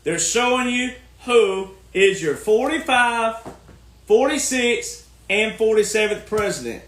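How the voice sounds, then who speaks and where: In an echoey room, a male commentary host rants about politics in a folksy, sermonizing way, hammering the same points repeatedly. His high-pitched, fairly bright voice is animated, and he takes his time.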